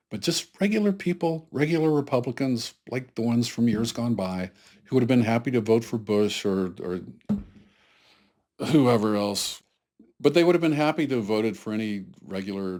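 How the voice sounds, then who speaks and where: A man's voice: on the low side, darkish tone. A man from the American South hosting his own channel, talking earnestly to camera in a conversational solo commentary. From Atlanta, Georgia, US South. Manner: earnest, conversational, pleading with viewers. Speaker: political commentary channel host.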